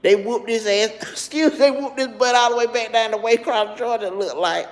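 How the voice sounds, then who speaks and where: A woman's voice: a little high, a little fast, in a large hall. A middle-aged woman, frankly telling a personal story on a live stream and greeting viewers as she goes. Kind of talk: casual storytelling to live chat.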